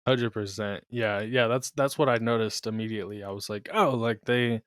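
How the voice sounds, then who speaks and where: A man's voice: lowish voice, fairly even intonation, moderate pace, a bit bright, clean tone, no room sound. A man co-hosting a podcast in casual chat. He is laid-back, laughs often and swears casually. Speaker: podcast co-host.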